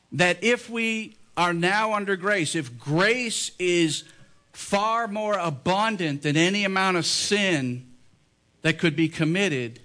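Emphatic preacher man, high bright voice. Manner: emphatic, rising in pitch when stressing points. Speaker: pastor. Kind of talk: sermon. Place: church.

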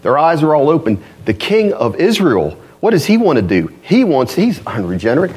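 A man preaching a sermon as pastor, animated, asking rhetorical questions and acting out quoted voices. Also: a little high, fairly quick, hardly any pauses, breathy edge.

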